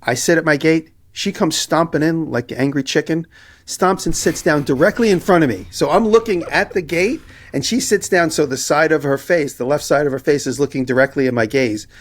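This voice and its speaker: A man on a podcast telling a story in casual chat, animated and acting out the people in it. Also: on the high side, fairly quick. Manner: animated anecdote telling, acting out both sides of quoted exchanges. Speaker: podcast co-host.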